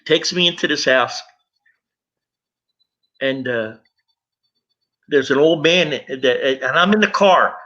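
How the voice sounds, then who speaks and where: A middle-aged man gives an earnest personal testimony in a high, bright voice, speaking directly to the people listening. The recording sounds dull and lo-fi. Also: takes it slowly, long pauses. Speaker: speaker sharing his recovery story.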